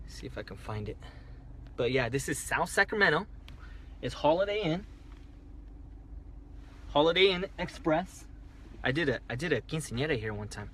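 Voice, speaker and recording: A man's voice: on the high side, animated, normal speed, pauses often, a bit bright, husky. A man telling a story on a casual phone livestream, rambling, restarting and repeating himself as he talks. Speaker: livestreaming driver. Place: parked car at night.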